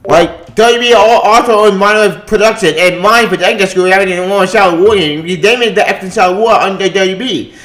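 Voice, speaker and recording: A man's voice: high voice, a bit bright. Angry swearing man ranting in an echoey room. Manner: profane, agitated, repetitive, halting. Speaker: gaming vlogger. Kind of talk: angry solo rant.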